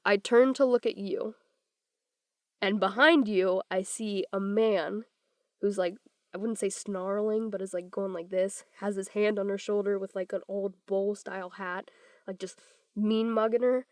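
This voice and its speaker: A woman's voice: medium pitch, unhurried, no echo, clean studio sound. A young woman co-hosting a podcast, telling ghost stories in casual chat, acting out the people she quotes and swearing casually. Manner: animated storyteller, acts out quoted voices, swears casually. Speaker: podcast co-host.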